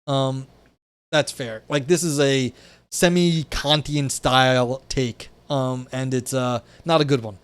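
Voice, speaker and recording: This is casual live-stream commentary: a young man reading philosophy at his window-side desk and tossing in wry, profane asides, heavy on "like" and restarts. His medium-pitched voice is smooth and steady, and he takes it slowly.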